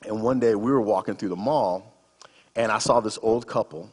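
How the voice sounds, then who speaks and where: A man's voice: lowish voice, moderate pace, a little mellow, husky, long reverb tail. A man in his fifties, a guest speaker giving a sermon in a conversational, humorous storytelling manner.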